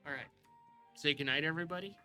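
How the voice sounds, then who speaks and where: A man's voice: on the high side, quick pace, music in the background. A man acting as game master, recapping a tabletop session with lots of fillers before signing off. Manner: relaxed recap with many fillers.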